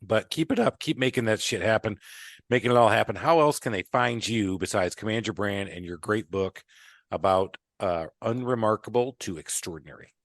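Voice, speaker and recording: A man's voice: fairly low pitch, normal speed, no room sound, clean studio sound. A man hosting a podcast, chatting casually, joking around, swearing freely and hyping up his listeners. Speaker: podcast host. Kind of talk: casual chat.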